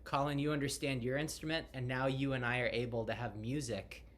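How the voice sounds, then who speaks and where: A man speaking as a guest in a casual video chat, soft and enthusiastic, searching for his words. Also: medium pitch, fairly even intonation, brisk.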